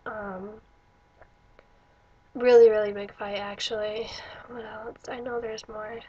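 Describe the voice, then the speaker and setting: A woman's voice: medium pitch, flat delivery, takes it slowly, muffled recording. A young woman vlogger telling stories casually, rambling with many fillers and restarts. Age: young adult. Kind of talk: casual storytelling vlog.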